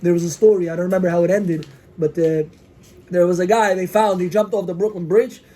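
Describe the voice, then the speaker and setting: Male rabbi, high pitch, lively storyteller sermon, acts out characters. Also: brisk. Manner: animated, acts out characters in the stories.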